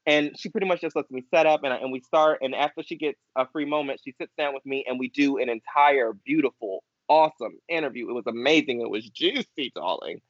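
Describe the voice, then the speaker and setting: A young man in casual chat, an expressive, gushing storyteller co-hosting a podcast. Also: medium pitch, brisk, hardly any pauses, no echo. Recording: dull dry lo-fi sound.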